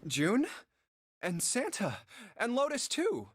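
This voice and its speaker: A tense young male hero from a video game. His pitch moves a lot as he talks, and the sound is dry and close, with no room around it. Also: huge pitch swings, slow pace, slightly rough, no echo, full character voice. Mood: wary.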